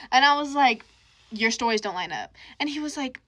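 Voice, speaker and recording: Bright chatty young woman storyteller. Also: on the high side, a little fast. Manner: chatty, heavy use of "like", quoting others in her own voice. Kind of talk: casual storytime monologue.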